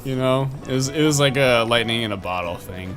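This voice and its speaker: A man's voice: medium pitch, expressive, fast talker, fairly bright tone, soft background music. A man hosting a casual let's-play chat, rambling with lots of fillers and laughing easily. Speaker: host, gameplay commentator.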